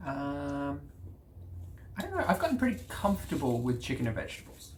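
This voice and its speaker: A man's voice: a little high, huge pitch swings, fairly quick, darkish tone, a little hiss or hum. A man with an Australian accent doing casual reaction commentary, full of dry, sarcastic quips. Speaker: video commentator.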